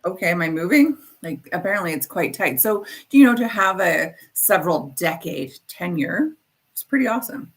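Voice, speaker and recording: A woman's voice: on the low side, animated, normal speed, creaky. A woman co-hosting an online morning show, chatting casually and reading out where to find the show. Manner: chatty, reads out show plugs. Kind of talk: casual chat.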